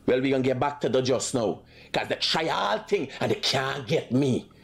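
A man's voice: mid-range voice, animated, normal speed, creaky. A Guyanese man speaking emphatically and defensively, insisting on his side of a dispute. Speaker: critic giving his side. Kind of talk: clip of a heated self-defense statement.

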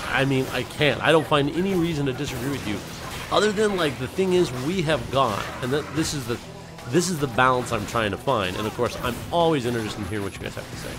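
A young man streaming a game live, rambling casually while reading chat aloud and breaking into hyped shouts. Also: medium pitch, expressive, fast talker. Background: music.

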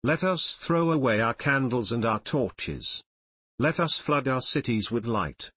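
In this audiobook, an earnest young outcast inventor, read by a man, pleads with the men around him. The husky voice stays at a middle pitch and sounds close and dry. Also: lively intonation, measured pace, a bit bright, no echo. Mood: pleading.

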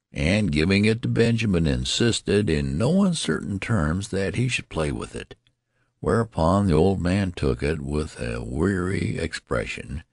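Deep, gravelly male audiobook narrator. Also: no room sound, clean studio sound. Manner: slow, measured reading with lively dialogue voices.

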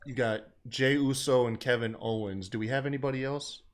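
A relaxed man co-hosting a chatty podcast, speaking at an ordinary middle pitch. He keeps things loose and jokey, with an easygoing, conversational flow. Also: fairly quick. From American South. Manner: laid-back, jokey, acts out quotes in voices. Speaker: podcast co-host. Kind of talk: casual chat recapping wrestling.

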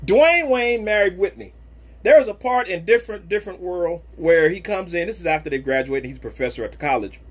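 A man with a high-pitched voice preaches on his podcast. He swings from fired-up, loud exhortation down to low, quiet murmurs. He drops in folksy slang asides as he goes. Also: animated, brisk. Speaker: pastor and podcast host.

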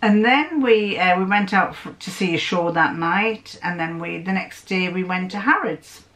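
A woman's voice: lowish voice, moderate pace, a bit bright. An older woman with a Northern English accent, chatting in a casual storytelling sewing vlog and wandering off into anecdotes. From north of England. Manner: rambling, digressive, with frequent restarts and acted-out quotes. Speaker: sewing vlogger.

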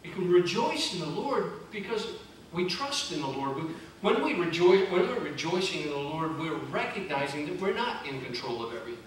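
In a church sanctuary, a very animated, high-voiced male pastor preaches at a moderate pace, conversational but emphatic and given to repeating phrases. The distant recording captures heavy church echo and faint background noise.

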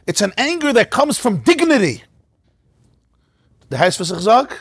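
A rabbi gives a Torah class with passionate, animated delivery, his voice gravelly and a bit husky. The man swings widely in pitch and sits on the high side for a man. The sound is close and dry. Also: measured pace, no room sound. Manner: passionate, animated, often laughs mid-sentence. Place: study hall in front of a class.

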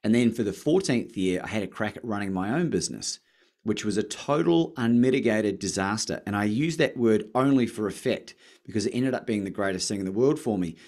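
A man from Australia with an Australian accent, a podcast guest telling his story in casual chat, lively and acting out phone calls. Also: fairly low pitch, a little fast. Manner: animated, acts out phone calls with rising excitement.

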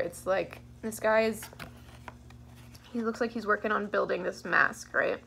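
A woman's voice: mid-range voice, steady tone, slow pace, vocal fry, long pauses, a bit bright, slight background noise. A young woman giving a casual tarot card reading, laid-back and giggly, thinking aloud with many fillers. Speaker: tarot reader.

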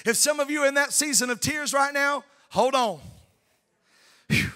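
High, bright preacher. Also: male voice, moderate pace, pauses often. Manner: fervent preaching, swinging from shouted peaks to hushed tender asides. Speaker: pastor. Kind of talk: sermon. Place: church sanctuary.

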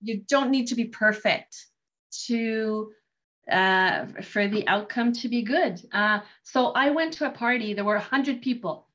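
Animated woman telling a story. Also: fairly high pitch, unhurried. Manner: animated, laughs often, restarts lines. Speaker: guest sharing a story. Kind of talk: casual storytelling. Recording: dull lo-fi sound.

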